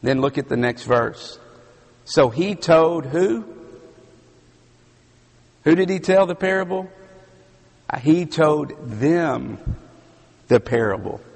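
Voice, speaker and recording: Southern preacher guy, slow and gravelly, husky strained voice, big echoey hall. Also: a little high, expressive, darkish tone. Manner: slow, emphatic preaching with dramatic pauses. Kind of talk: sermon. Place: large hall with audience. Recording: long hall reverb.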